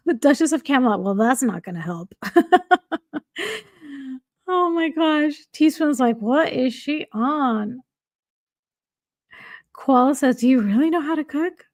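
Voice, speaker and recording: Woman streamer chatting w her viewers, laughs a lot, high voice, super dry close mic. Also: animated, normal speed, darkish tone, dry recording. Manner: reads comments aloud with frequent laughter. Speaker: livestream host. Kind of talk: casual livestream chat, reading viewer comments.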